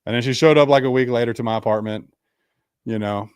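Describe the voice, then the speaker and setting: A man's voice: medium pitch, fast talker, darkish tone, clear, resonant tone, no room sound, studio quality. A young man, a podcast guest, telling a personal story in a rambling, casual way with lots of fillers.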